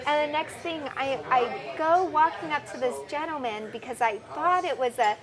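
A woman guest on a podcast, telling travel stories in an animated, rambling way, often laughing and acting out the voices of people she quotes. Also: sits high, moderate pace, crowd noise. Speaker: podcast guest, foundation founder. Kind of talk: casual storytelling interview.

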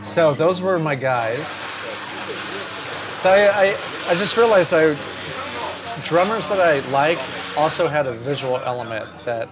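A man's voice: on the high side, unhurried, background noise. A man, a drummer, telling stories in a casual interview and swearing casually. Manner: animated storyteller, swears casually. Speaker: drummer guest.

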